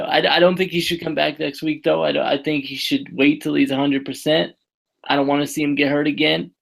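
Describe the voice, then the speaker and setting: A man co-hosting a podcast, talking in a deadpan, mock-serious, sarcastic way. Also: fairly high pitch, fairly quick, vocal fry. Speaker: podcast co-host. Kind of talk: casual wrestling review chat.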